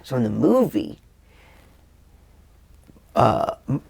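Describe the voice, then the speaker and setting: Gravelly animated man ranting casually. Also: mid-range voice, takes it slowly. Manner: rambling, animated, swears freely, acts out scenes. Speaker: podcast co-host. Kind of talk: casual chat about a movie.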